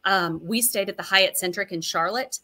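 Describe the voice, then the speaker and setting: A middle-aged woman guest telling stories in a chatty, long-winded way, poking fun at herself as she goes. Her voice is bright and forward, set at a middle pitch for a woman. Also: normal speed. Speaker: interview guest, registered nurse. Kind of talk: casual interview storytelling.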